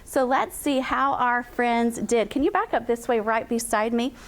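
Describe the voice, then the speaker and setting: A woman's voice: fairly high pitch, a little slow. A woman teacher leading a classroom phonics lesson. She is upbeat and drills vowel sounds in call-and-response chants.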